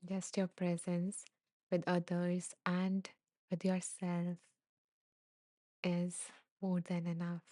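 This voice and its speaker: A soft-spoken woman host reads and answers live listener comments, slow and unhurried, with a mellow, warm tone. She sounds emotional and close to tears, laughing softly between remarks. The recording is dry and close. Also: on the low side, monotone, dry recording. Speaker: podcast host.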